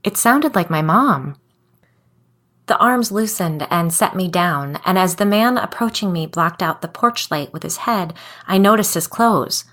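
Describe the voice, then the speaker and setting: A woman with a fairly low voice reads a spooky first-person tale as a podcast guest. Her delivery is calm and measured, steady from line to line. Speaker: guest storyteller. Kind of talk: scripted narration of a creepy story.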